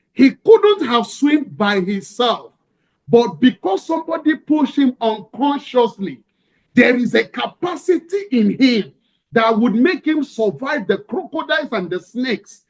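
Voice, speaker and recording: Brief: emphatic male motivational speaker, high voice, preaching style. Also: a little mellow. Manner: preaching, rhetorical questions, emphatic. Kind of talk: motivational lecture with a story.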